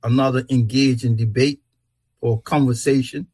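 A man hosting a casual radio talk show, speaking in a relaxed, drawn-out and emphatic way. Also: medium pitch, husky, rough recording. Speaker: host.

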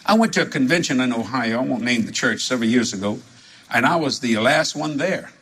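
A man from New preaching a sermon full of stories, animated and laughing as he talks, jumping to high exclamations. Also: a little fast, breathy edge. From New Orleans.

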